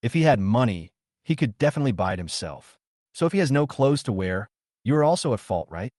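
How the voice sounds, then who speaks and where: A man voicing a calm middle-aged father who tries to settle an argument. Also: medium pitch, a little fast, dry recording, studio quality, natural voice. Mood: placating.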